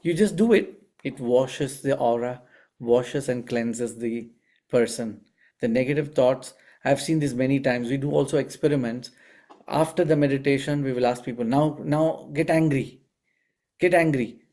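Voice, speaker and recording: Mellow-voiced man telling a spiritual story. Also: medium pitch, normal speed. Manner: asks the audience frequent rhetorical questions; animated storyteller. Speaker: spiritual healing teacher. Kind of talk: teaching talk with storytelling.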